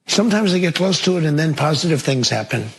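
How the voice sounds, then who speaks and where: Man, press remarks, news clip, gravelly, husky, emphatic superlatives. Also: on the high side, expressive, quick pace, a bit bright. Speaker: politician answering reporters.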